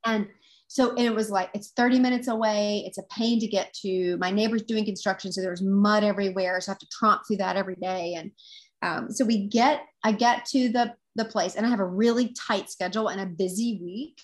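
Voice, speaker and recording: Earnest woman guest, mid pitch. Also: fairly even intonation, fairly quick. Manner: earnest, reflective storytelling. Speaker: guest, intuitive teacher. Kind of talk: casual chat.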